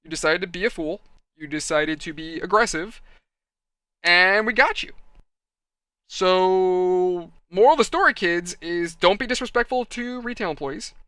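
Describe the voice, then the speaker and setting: A man telling a rambling story in a chatty, animated way while building a model kit. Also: high-pitched, unhurried, clean tone, no room sound. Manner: chatty, animated, acts out quoted people.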